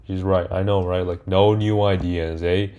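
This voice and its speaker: A man with a low, dark voice and little pitch movement recaps a movie's plot at a normal speed, reviewer-style, over dull audio. His casual telling rambles and hesitates, full of fillers, restarts, and self-corrections.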